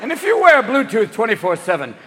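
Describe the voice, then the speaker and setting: A man's voice: very high-pitched, wildly swooping pitch, fairly quick, long reverb tail, background noise. A man doing a stand-up comedy set, manic and profane, jumping into voices. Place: comedy stage before a live audience. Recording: live show with faint crowd.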